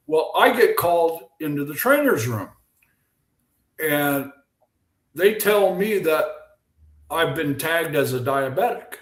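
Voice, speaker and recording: An older man, a former pitcher, telling animated stories as a guest on a video call. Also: reverberant. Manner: animated anecdotes, acts out quoted voices. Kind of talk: casual storytelling.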